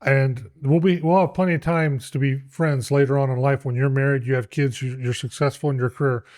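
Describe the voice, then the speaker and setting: Firm man with a mellow voice. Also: medium pitch, fairly even intonation, brisk. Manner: firm, opinionated. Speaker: podcast co-host. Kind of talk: casual chat.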